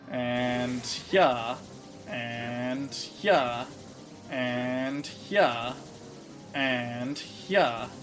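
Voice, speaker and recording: A man's voice: medium pitch, a bit bright. A man casually commentating his video game playthrough, musing through his moves with a slight frog in his throat. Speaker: let's play host.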